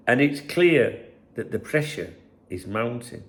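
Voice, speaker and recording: A man's voice: mid-range voice, lively intonation, measured pace. A man hosting a football channel, talking casually and mocking press claims in a rambling, sarcastic way. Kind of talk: casual commentary to camera.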